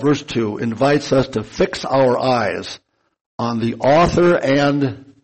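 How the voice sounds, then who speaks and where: A man delivers a sermon at an unhurried pace. He lingers on key words to give them weight, and his voice has a husky edge. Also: mid-range voice, darkish tone, low-quality recording. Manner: slow and deliberate, stretching key words for emphasis. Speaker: preacher.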